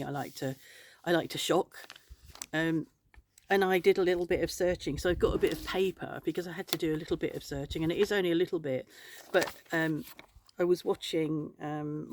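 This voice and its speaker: A woman's voice: lowish voice, darkish tone. A woman vlogging from home, rambling and outspoken, swearing freely. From England. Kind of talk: casual chat to camera. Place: home in France.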